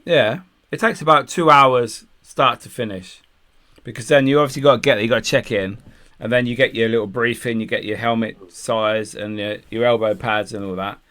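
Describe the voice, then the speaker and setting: A man with a middle-pitched voice co-hosting a podcast. He chats casually about a day out and swears freely. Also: steady tone, moderate pace, sharp tone. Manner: chatty, recounts a day out with swearing and laughs. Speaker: podcast co-host. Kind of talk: casual chat.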